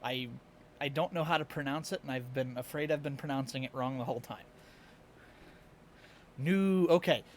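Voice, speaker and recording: A man's voice: medium pitch, moderate pace, long pauses, slight background noise. A tired man with a Midwestern American accent, chatting casually and laughing often as he streams live to his chat. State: a little tired.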